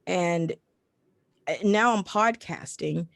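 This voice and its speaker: A woman's voice: lowish voice, slow, creaky, dry recording. Effusive woman on a video call. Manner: effusive, emotional, grateful. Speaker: audiobook narrator and podcaster. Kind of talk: casual panel chat.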